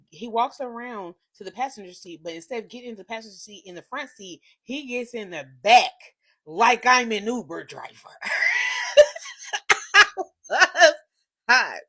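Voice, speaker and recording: A woman in her thirties telling a confession story on her vlog, animated and profane, swinging between hushed and loud. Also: medium pitch. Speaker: vlogger.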